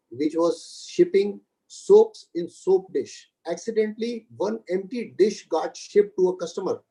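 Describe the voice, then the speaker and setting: High-voiced man giving a keynote talk. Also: warm tone, low-quality recording. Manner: addresses students directly, tells anecdotes. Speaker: keynote speaker. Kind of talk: motivational seminar talk.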